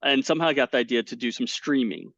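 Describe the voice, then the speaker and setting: A man, a poker commentator, telling stories in a casual interview over a video call, animated and full of fillers and restarts. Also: mid-range voice, quick pace, gravelly, no echo. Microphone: webcam setup at home. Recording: dull, dry lo-fi call audio.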